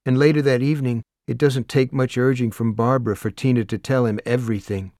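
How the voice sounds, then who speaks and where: A man reading a novel aloud in a measured, expressive storytelling voice, close to the mic. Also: medium pitch, dry recording. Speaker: audiobook narrator. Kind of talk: scripted narration.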